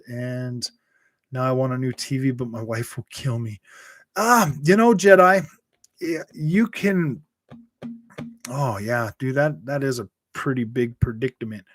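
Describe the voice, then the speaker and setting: A young man from Utah hosts a casual gaming livestream, rambling about consoles, reading and answering live chat, laughing often and calling everyone dude and bro. His voice is medium-pitched, with clean studio-quality sound and no echo.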